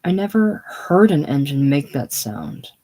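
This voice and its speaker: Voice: medium pitch, animated, measured pace, dark tone. A reader voicing an earnest, anxious young male mechanic in a casual play reading, with strained, pleading delivery.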